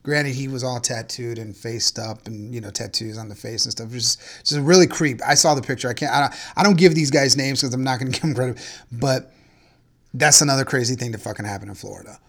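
A man's voice: mid-range voice, fast, a bit bright. A man hosting a podcast in casual chat, ranting in a profane, incredulous way about strange news stories. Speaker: podcast host.

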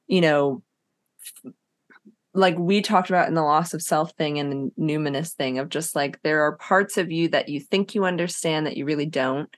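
A woman's voice: on the low side, a bit bright, no echo. A woman co-hosting a podcast, talking casually and thoughtfully about psychology and myth, with many fillers. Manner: thoughtful, meandering, with many fillers and bursts of laughter. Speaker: podcast co-host.

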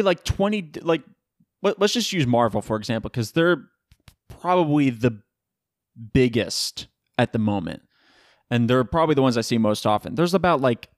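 A man's voice: mid-range voice, no room sound, studio quality. A young man hosting a solo podcast in a casual, rambling style, often correcting himself mid-sentence. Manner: rambling, self-correcting, animated asides. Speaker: podcast host.

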